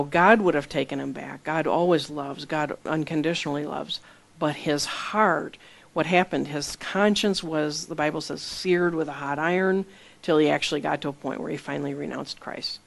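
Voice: medium pitch, vocal fry. A preacher giving a conversational sermon, reading scripture aloud and explaining it plainly through personal stories. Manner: earnest, reads scripture then explains it plainly; tells personal stories with small laughs. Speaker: Bible teacher.

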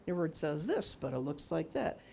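A woman's voice: low voice, big pitch swings, normal speed, gravelly, a little mellow, slightly rough. A woman in her sixties preaching a sermon in a conversational testimony style, asking the listeners questions and acting out quoted words. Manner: acts out her own and God's words in quoted lines.

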